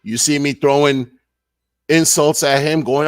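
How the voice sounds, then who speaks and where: This middle-aged man's voice is on the high side, with a steady tone and a moderate pace, recorded without echo over soft background music. Hosting a live podcast, he rambles casually and loosely, leaning on "man" and "you know."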